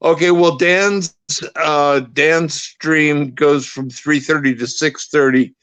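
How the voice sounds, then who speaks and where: A man's voice: fairly high pitch, steady tone, slow pace, a bit bright, clear, resonant tone, no echo. A man speaking as a guest on a live stream panel, polite and plain-spoken with a few hesitations. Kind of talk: casual chat over a video call. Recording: dry, muffled remote call audio.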